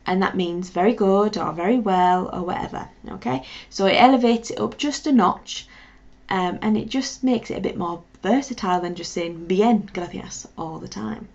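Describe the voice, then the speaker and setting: A woman teacher leads a beginner lesson in an encouraging way, spelling words letter by letter and pausing for drills. Her voice has a gravelly edge. The recording is dull and lo-fi. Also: medium pitch, a little mellow. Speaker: language teacher. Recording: dull lo-fi sound.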